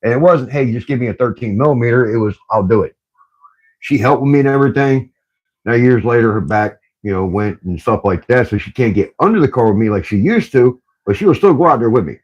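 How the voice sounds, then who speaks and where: A man's voice: medium pitch, quick pace, muffled recording. An older man, a grandfather, chatting casually on a livestream and telling rambling stories. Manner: laid-back, rambling storytelling. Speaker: livestream co-host.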